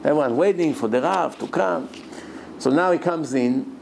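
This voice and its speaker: A man, a rabbi, telling a story in a sermon and acting out its characters with lively narration. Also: fairly high pitch, moderate pace, creaky, slight background noise. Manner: animated storyteller who acts out voices, chuckling.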